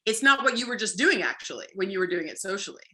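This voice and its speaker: Woman, dog trainer guest, casual chat, bright forceful tone, lively, lots of "like". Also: medium pitch, quick pace. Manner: lively, acts out playful bits with frequent "like". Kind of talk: casual conversational explaining.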